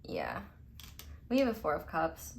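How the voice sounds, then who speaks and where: Her low voice swings hugely in pitch, unhurried and tinged with vocal fry, over a slight hiss or hum. As a tarot reader giving a relaxed pick-a-card reading, she's chatty and emphatic, saying "like" a lot, swearing casually, and laughing between remarks.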